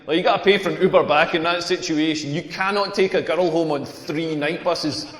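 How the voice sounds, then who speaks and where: A man's voice: fairly high pitch, fairly even intonation, brisk, fairly bright tone, close to an everyday voice. An actor in his forties with a Scottish accent, playing a self-mocking stand-up comedian in a game and telling rambling anecdotes. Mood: wry. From Scotland. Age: 40s. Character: self-deprecating tall Scottish male comedian, around forty. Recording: echoey hall with long reverb.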